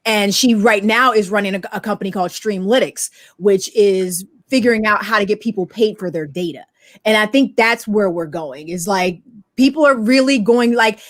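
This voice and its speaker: A middle-aged woman guest telling her career story in an animated way, acting out the voices in her anecdotes. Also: medium pitch, dry recording, studio quality. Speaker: guest, technology media expert. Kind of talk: storytelling interview talk.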